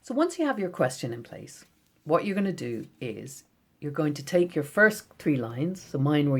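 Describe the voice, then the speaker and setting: A woman, a poet giving a gentle, encouraging recorded lesson for schoolchildren, reading her poems out slowly. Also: very deep voice, expressive, vocal fry, husky. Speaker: poet teaching children.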